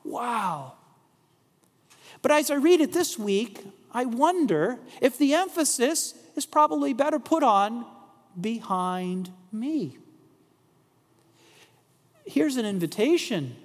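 High-voiced pastor preaching slowly. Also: male voice, sing-song, in a large hall. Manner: slow, deliberate preaching with rhetorical questions. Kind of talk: sermon.

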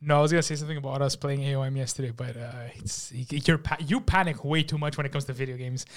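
A man, a guest on a podcast, telling animated profane stories and laughing with the host. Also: mid-range voice, fast talker. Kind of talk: casual podcast chat.

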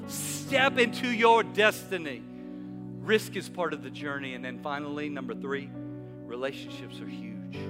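A male pastor preaching an energetic sermon in a church, with repeated call-and-response lines. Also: on the high side. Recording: reverberant hall with faint music.

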